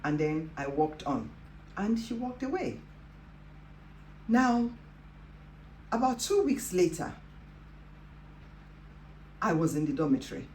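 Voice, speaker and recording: A woman from Africa hosts a Christian devotional show, earnestly recounting a personal testimony and leaning on "you know" as she goes. Her voice is low, the room is echoey, and faint ambient noise sits underneath. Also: very animated, takes it slowly, pauses often, darkish tone.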